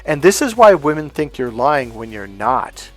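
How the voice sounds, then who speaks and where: A man's voice: medium pitch, big pitch swings, normal speed, faint music behind. A man coaching other men on dating in a blunt, profane, casual monologue, acting out quotes as he goes.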